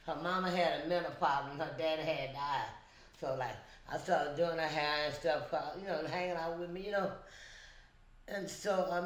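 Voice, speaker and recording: A woman guest in a casual chat, telling a story earnestly and slowly, often adding "you know". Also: lowish voice. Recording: echoey room.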